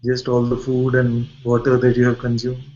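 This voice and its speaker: Gentle Indian-accented man teaching. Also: medium pitch, completely flat delivery, moderate pace, lo-fi sound. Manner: gentle, asks rhetorical questions. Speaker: spiritual teacher. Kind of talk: satsang talk and video-call chat.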